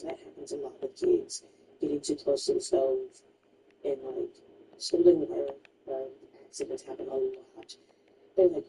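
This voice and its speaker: A woman's voice: sits low, wildly swooping pitch, moderate pace, creaky, distant mic, noisy background. A woman streamer casually retelling a true crime story while gaming, emphatic and chatty, full of "like" asides.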